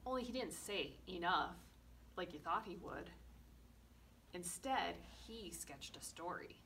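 A woman librarian reading a picture book aloud at a children's storytime, slow and expressive with playful asides. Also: lowish voice. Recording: distant mic with faint room noise.

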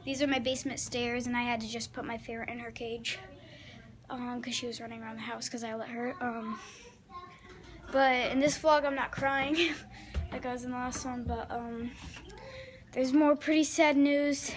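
A woman with a high voice talks to her viewers in a loose, rambling way, full of ums and false starts. She vlogs casually at home, moving around the house as she talks, with a faint hum of room noise behind her. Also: fairly even intonation, normal speed. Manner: rambling, chatty, many fillers and restarts. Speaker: vlogger. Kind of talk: casual vlog chat.

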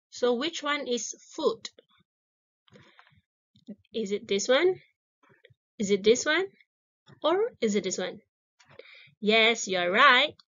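Slow, lively woman teaching children English. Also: on the high side, highs cut off. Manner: encouraging, drawn-out words repeated twice.

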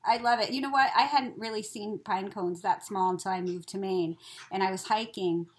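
A woman's voice: mid-range voice, normal speed, low-quality recording. A woman chatting casually as she opens craft mail, gushing and giggling with frequent exclamations. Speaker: crafting vlogger opening mail. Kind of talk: casual unboxing chat.

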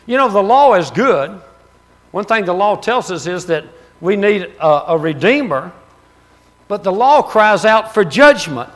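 A man preaching a sermon as pastor, telling stories with laughter and loud exclamations. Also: high voice, big pitch swings, a little slow. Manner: storytelling, laughs at his own stories, rises to loud exclamations.

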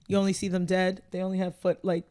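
A man's voice: high-pitched, monotone, fast, darkish tone, clear, resonant tone. A man co-hosting a casual podcast, crude and joking, laughing often as he talks. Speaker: podcast co-host. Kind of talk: casual chat.

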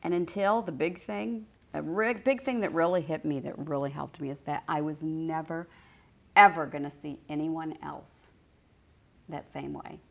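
A woman's voice: sits low, normal speed, gravelly. A middle-aged woman giving an informal spiritual teaching to a group, conversational and repeating phrases for emphasis.

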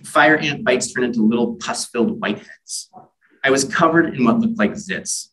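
A man's voice: medium pitch, normal speed, fairly bright tone, recorded from a distance, low-quality recording. A man, an author at a library event, reading his own comic stories in a wry, self-deprecating way with casual asides.

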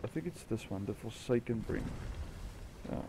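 A man's voice: fairly low pitch, animated, moderate pace, vocal fry, noisy background. A man giving casual commentary while playing a game with a friend, repeating short urgent commands and calling him "bro".

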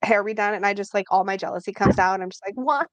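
A woman co-hosting a livestream, chatting in an excitable way with frequent laughs. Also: mid-range voice, rapid-fire, no room sound. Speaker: co-host. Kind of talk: casual livestream chat.

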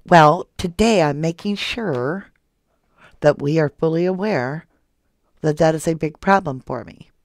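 A soft-spoken woman hosting a true crime livestream, reading viewer comments aloud and calling her viewers love and honey. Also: low voice, measured pace, no room sound, clean studio sound. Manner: affectionate toward viewers, calls them love and honey. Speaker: true crime channel host.

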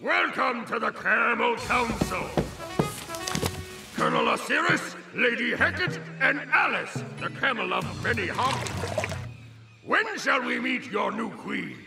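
A fussy, gravelly ape advisor. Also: male voice, extremely high pitch, big pitch swings, measured pace, full character voice, low-quality recording. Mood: announcing. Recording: cartoon soundtrack with music.

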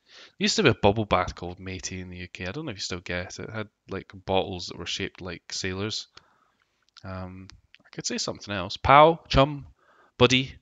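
He's a low-voiced Londoner streaming a game, expressive and fairly bright in tone at a moderate pace. Over the game music he rambles, jokes, swears offhandedly and reads chat aloud. The sound is lo-fi but free of echo.

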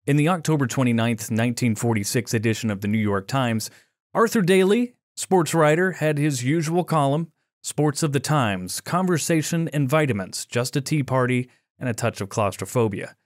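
A man's voice: mid-range voice, normal speed, dry recording, studio quality. A man hosting a history podcast, narrating from a script and reading out quotes from old articles. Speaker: podcast host.

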